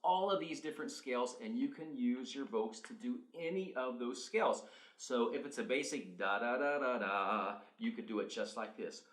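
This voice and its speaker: A man working as a vocal coach, talking singers through warm-up exercises in an energetic, coaching manner. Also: mid-range voice, normal speed. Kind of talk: instructional video demonstration. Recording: roomy echo.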